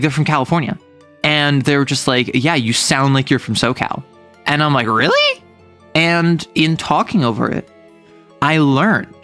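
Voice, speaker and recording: A young man from the US Northeast chats with his stream audience. His voice sits at an ordinary pitch, and he rambles freely, piling on fillers and restarts. Soft music plays faintly behind him. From US Northeast, near New York City. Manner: rambling, chatty, many fillers and self-corrections. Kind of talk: casual livestream chat reading chat.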